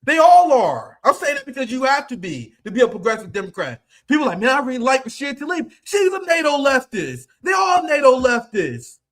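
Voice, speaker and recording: Brief: man, 30s, very high voice, profane combative streamer rant, loud bursts and quiet asides. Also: wildly swooping pitch. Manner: quick swings between loud outbursts and low asides. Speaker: political streamer. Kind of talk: heated political commentary.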